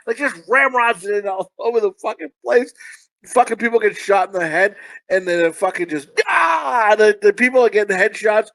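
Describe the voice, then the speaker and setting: Profane rambling man with a high voice. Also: animated, normal speed, fairly bright tone, poor audio. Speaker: podcast co-host. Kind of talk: casual movie review chat.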